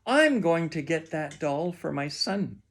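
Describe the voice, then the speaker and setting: A man's voice: on the high side, expressive, measured pace, fairly bright tone, heavily acted. A man voicing a shopper admiring a doll for his son. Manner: admiring, then panicked.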